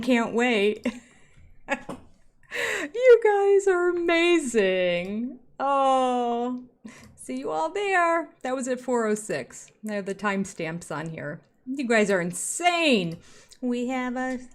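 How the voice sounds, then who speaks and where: A woman in her sixties hosting a casual live stream, reading out viewer comments with little laughs and chatty asides. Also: a little high. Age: 60s. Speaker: YouTube host reading live chat.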